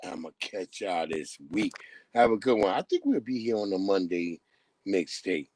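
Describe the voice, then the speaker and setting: A man's voice: low voice, lively intonation, normal speed, heavy background noise. A man hosting a streamed show, signing off in a loose, profane, laughing way. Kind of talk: casual sign-off chat.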